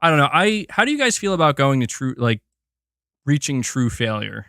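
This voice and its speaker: Young man, streamer, casual chat, bright forceful voice, dry close sound. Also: medium pitch, normal speed, vocal fry, dry recording. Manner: excitable, reads out member gifts, chats while exercising. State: straining while doing curls. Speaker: livestream host.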